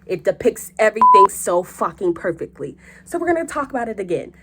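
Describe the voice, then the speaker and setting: A young woman hosting a vlog in casual chat, animated and joking, with frequent swearing. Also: medium pitch, brisk, very noisy. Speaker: host.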